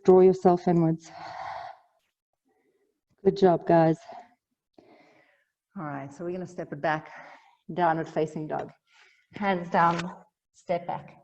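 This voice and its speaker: A woman teaching a yoga class, giving calm cues with light humor and sounding a little out of breath. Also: fairly low pitch, slow, long pauses, long reverb tail, lo-fi sound. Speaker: yoga instructor.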